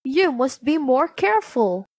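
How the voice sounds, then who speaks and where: A woman's voice: high-pitched, big pitch swings, unhurried, no echo, pitched above the performer's own voice, full character voice. Woman doing earnest, protective dwarfs. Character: kindly, worried band of dwarfs.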